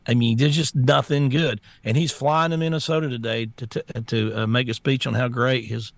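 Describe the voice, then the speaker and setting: Gravelly man, blunt and mocking. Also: medium pitch, steady tone, moderate pace, dry recording. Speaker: co-host. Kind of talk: casual political chat.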